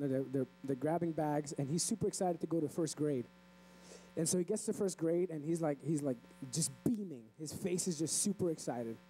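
Casting: male pastor, high but mellow voice, chatty preaching with restarts. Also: a little hiss or hum, low-quality recording. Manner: conversational, repeats and restarts words. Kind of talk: sermon. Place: church.

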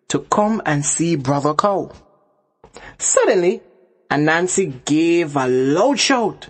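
Lady reading a kids story super slow, lowish voice. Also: slightly rough.

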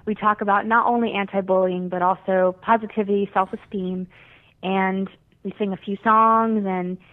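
A woman's voice: mid-range voice, fairly even intonation, normal speed. Teen girl guest from South Florida, calling in, earnest and chatty, phone-line sound. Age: teens. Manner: earnest, chatty with many fillers. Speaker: guest singer. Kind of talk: phone interview.

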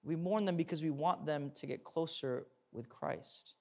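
A man's voice: a little high, moderate pace, darkish tone. A young man, a pastor, telling a personal story in a sermon, acting out the dialogue and then preaching earnestly.

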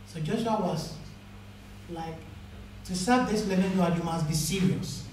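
A man preaching a sermon as pastor, telling stories and acting out the dialogue with rising pitch. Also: unhurried, long pauses, a little mellow, distant mic, slight background noise. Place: church. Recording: echoey church hall, mic from afar.

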